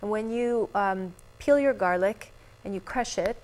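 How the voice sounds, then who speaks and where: A woman doctor giving calm, practical health advice in a casual TV chat, laughing easily. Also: medium pitch, unhurried. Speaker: physician guest. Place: TV studio.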